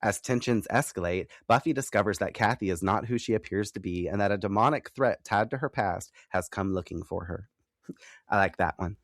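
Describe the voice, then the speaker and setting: A man's voice: on the low side, normal speed, no echo, studio quality. Giggly young man co-hosting a podcast. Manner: giggly, animated, swears casually. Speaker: podcast co-host. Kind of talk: casual podcast chat.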